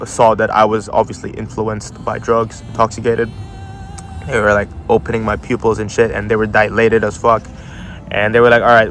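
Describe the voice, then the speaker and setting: A young man casually telling a story, swearing a lot and using slang, laughing as he goes. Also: lowish voice. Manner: profane, slangy, laughs often while telling.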